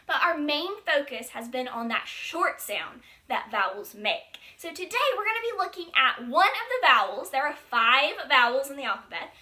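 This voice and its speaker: A young woman leads a phonics lesson for little children, her high voice bouncing all over the place. She draws out the sounds in a bright, ringing, sing-song teacher voice. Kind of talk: early-grade phonics lesson.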